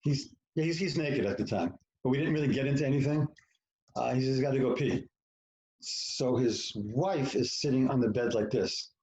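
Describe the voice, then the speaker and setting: A man's voice: mid-range voice, normal speed, a little mellow, roomy sound, low-quality recording. A man talking as a podcast guest, telling a personal story frankly and with profanity, acting out what people said and poking fun at himself. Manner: frank, profane, self-mocking, acts out quoted lines. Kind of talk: candid storytelling in conversation.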